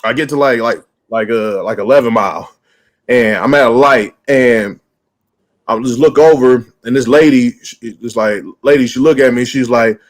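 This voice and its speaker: A man's voice: medium pitch, normal speed. A man hosting a podcast, chatting casually and telling a story with lots of fillers and cursing. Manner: loose, profane, lots of "like" fillers. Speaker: podcast host.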